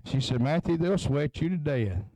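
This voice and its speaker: This tent revival preacher has a fairly high but dark-toned voice, delivering his sermon expressively at a moderate pace through a handheld mic. As he builds intensity, he drops a chanted "huh?" between phrases. The recording is dry and of poor quality.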